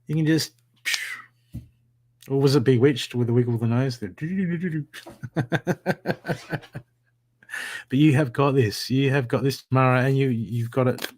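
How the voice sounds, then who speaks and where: A man giving live psychic readings from home, talking in an animated, encouraging way with a lot of repetition. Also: mid-range voice, moderate pace. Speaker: psychic reader. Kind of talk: live-streamed spiritual reading.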